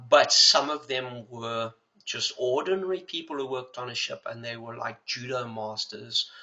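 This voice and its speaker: An older man with a South African accent, telling casual, animated stories full of fillers and acting out the dialogue. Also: mid-range voice, muffled recording. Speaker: judo historian recounting memories. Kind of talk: casual storytelling.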